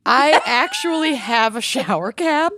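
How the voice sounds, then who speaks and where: A woman co-host chats at a leisurely pace, her pitch swinging widely as she plays up self-mocking jokes. The sound is dry and close, with no room around it. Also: animated, slow pace, fairly bright tone, dry recording. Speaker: podcast co-host. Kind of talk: casual chat.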